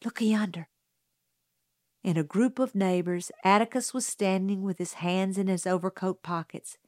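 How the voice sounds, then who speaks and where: A woman narrating a novel in the first person, slow and unhurried, on a close studio mic. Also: mid-range voice, steady tone, dry recording. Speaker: audiobook narrator.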